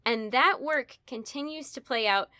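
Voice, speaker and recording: A woman, her voice pitched a little high, talks through a story in an animated, casual way. She tosses in playful asides as she goes. The recording is dry, with no room echo. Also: measured pace. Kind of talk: casual literary discussion.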